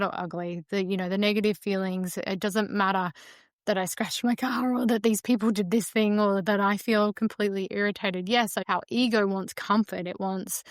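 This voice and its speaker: A woman's voice: mid-range voice, no echo, clean studio sound. A woman hosting a solo podcast, talking through her feelings in a reflective, meandering way with frequent fillers. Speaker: podcast host.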